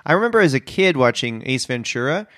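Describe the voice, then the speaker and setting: A man's voice: mid-range voice, sing-song, quick pace, a bit bright, no room sound, clean studio sound. A man co-hosting a comedy podcast, playfully telling stories and reacting with disbelief. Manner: playful, incredulous storyteller. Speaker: podcast co-host.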